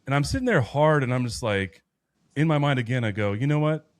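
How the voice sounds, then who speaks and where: A man in his thirties with a mid-range, expressive voice talks briskly as a podcast guest, sharing his faith story earnestly but ramblingly with many restarts. There's no echo.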